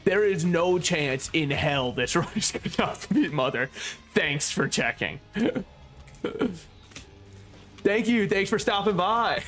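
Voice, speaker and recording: A young man streaming a game speaks slowly and pauses often, his high voice expressive and a bit bright. He keeps the commentary casual, joking, sarcastic and quick to laugh, swearing freely, while faint game music plays.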